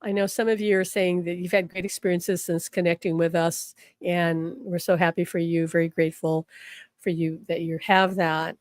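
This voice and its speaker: A woman teaching a live spiritual class, encouraging and animated, acting out the people she quotes in her stories. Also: fairly low pitch, moderate pace, no echo. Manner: animated storytelling, quotes people in changing voices; encouraging, repeats affirmations.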